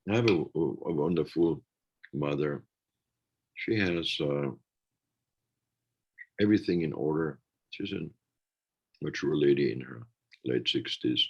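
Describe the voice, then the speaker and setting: Low gravelly guy on a podcast, kinda breathy, earnest and emphatic. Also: a little slow, long pauses, lo-fi sound. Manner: earnest, emphatic, acts out quoted remarks. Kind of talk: reflective podcast conversation.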